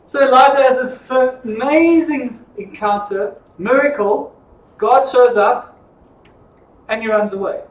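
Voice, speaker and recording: Man, Bible teacher, lively jokey storytelling, echoey room, distant mic. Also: very high voice, measured pace. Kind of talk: informal Bible study lesson.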